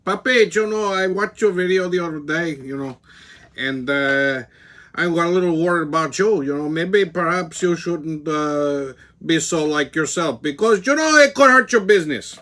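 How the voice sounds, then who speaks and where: A man's voice: fairly high pitch, normal speed, pushed and bright, voice pushed up. Man putting on a fussy Puerto Rican woman. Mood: fretful. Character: sassy Puerto Rican woman friend, fretful.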